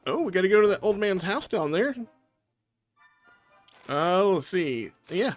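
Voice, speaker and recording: A man narrating his game run in a chatty, think-aloud way, pausing to wonder where to go next. His voice is fairly high for a man and swings around in a lively way. Faint game music hums underneath. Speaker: let's play host. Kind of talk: casual gameplay commentary.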